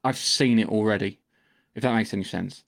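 A man's voice: lowish voice, brisk, gravelly. Hesitant man chatting on a podcast. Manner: hesitant, lots of repeated words and ums. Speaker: podcast co-host. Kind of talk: casual chat.

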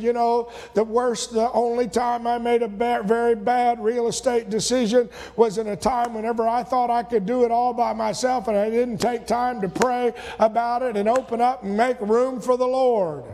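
A male pastor delivers a sermon, folksy and repetitive, building to emphatic peaks. His voice sits very high and carries a gravelly edge. The long reverb of the church sanctuary trails behind every phrase. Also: warm tone.

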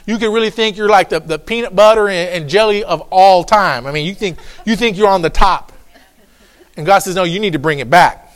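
A pastor preaching a sermon, emphatic and repetitive, folksy with joking asides, swinging from low asides to shouts. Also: male voice, fairly quick.

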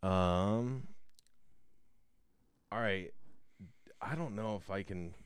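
A man co-hosting a casual podcast, relaxed, with many fillers, spelling out names slowly. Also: on the low side, clear, resonant tone. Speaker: podcast co-host. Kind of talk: casual chat.

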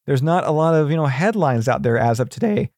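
A man's voice: on the high side, lively intonation, brisk, a little mellow, dry recording, studio quality. A man chatting casually as a podcast guest, rambling with many fillers and restarts. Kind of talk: casual chat.

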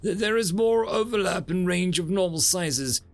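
Guy doing a nervous little horned alien dude, um-ing and stumbling, bit higher. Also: animated, normal speed, faint music behind. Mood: hesitant. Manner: hesitant, stumbling. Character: shy young male horned alien with ears.

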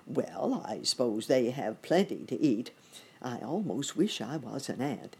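A woman voicing a kindly, hopeful old gentleman rabbit with gentle exclamations. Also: extremely low pitch, sing-song, a little slow, vocal fry, husky, full character voice. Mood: mild.

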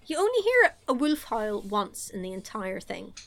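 A woman's voice: mid-range voice, sing-song, moderate pace, vocal fry, fairly bright tone. A woman, chatting casually on a podcast as she recaps a film, giggling and acting out lines. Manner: chatty, giggly, acts out lines in silly voices. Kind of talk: casual chat.

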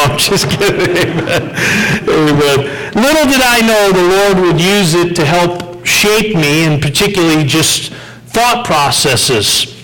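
Male pastor, high-pitched, earnest sermon storyteller with filler-heavy delivery. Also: a bit bright, poor audio. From United States.

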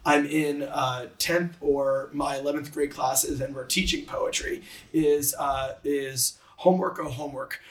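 A man who teaches high school English, explaining poetic meter enthusiastically and tapping out rhythms with his voice. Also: fairly even intonation, measured pace, echoey room, distant mic. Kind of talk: conversational explanation, reading a poem aloud.

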